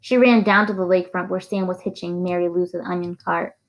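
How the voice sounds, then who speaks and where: A woman reading a novel aloud in a steady storytelling manner. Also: on the low side, fast talker, low-quality recording. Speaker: reader.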